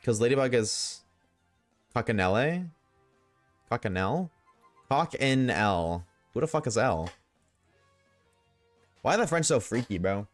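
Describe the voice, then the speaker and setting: A young man livestreams a game, chatting casually with viewers, joking, swearing freely, and talking back to chat. His medium-pitched voice is expressive at a moderate pace with long pauses. There is no room sound, and faint music plays behind him.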